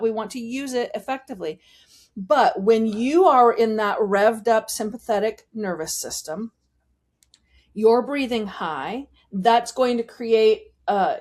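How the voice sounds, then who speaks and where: A woman vocal coach, a guest in an interview, explaining voice technique in an animated way and demonstrating it as she talks. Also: a little high.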